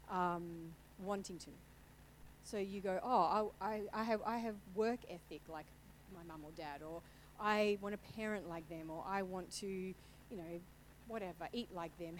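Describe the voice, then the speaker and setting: A middle-aged woman giving a heartfelt personal talk in a church, candid and conversational. Her voice sits at a middle pitch, with a faint hum of noise in the background. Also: rough recording. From Italian family background. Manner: candid, conversational, emotional at times. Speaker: church speaker.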